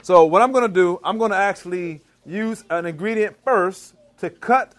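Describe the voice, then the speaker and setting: A man's voice: high-pitched, moderate pace, a bit bright. A man from the DC and Maryland area with a Maryland accent, giving a live cooking demonstration in a church hall, playful and quizzing his audience in call and response. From Washington DC / Maryland area, US. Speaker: chef giving a cooking demo.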